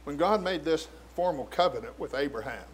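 A man's voice: a little high, expressive, fairly quick, slight background noise. A man preaching a sermon, putting many questions to his listeners and slipping in playful asides. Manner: asks many questions of the congregation, mock-humorous asides. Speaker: pastor.

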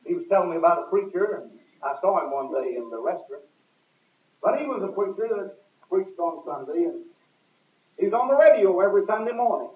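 A high-voiced man preaches a sermon, hammering each point with sudden bursts of volume and dropping low between them. The recording is thin and phone-like, and his voice echoes as if captured from across a large room. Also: expressive, fairly quick. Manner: emphatic, rising and falling with sudden loud stresses. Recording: echoey, distant, tinny lo-fi recording.

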